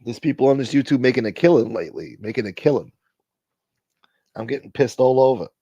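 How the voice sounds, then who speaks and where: A man hosting a casual livestream, thanking donors and shouting out viewers by name in a profane, joking way. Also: medium pitch, expressive, a little fast, breathy edge, no room sound, lo-fi sound. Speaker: livestream host. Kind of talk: casual live chat reading donations.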